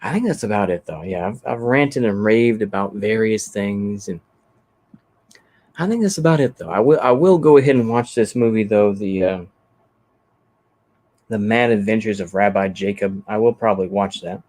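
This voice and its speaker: A man's voice: on the low side, moderate pace, darkish tone. A man chatting casually on his livestream, rambling easygoing and thinking aloud with lots of fillers as he reacts to comments. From Texas. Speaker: channel host.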